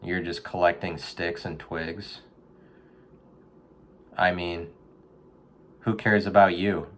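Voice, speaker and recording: Deep-voiced man rambling deadpan. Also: takes it slowly. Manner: deadpan rambling, slips into loud mock pep-talk voice. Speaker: podcast host. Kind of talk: casual comedic monologue.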